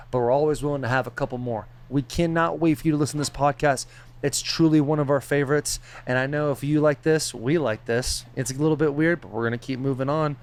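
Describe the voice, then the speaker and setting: A male podcast co-host with a somewhat high voice talks in a loud, joking, rambling way. His casual banter and plugs keep rolling from one quip to the next. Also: smooth.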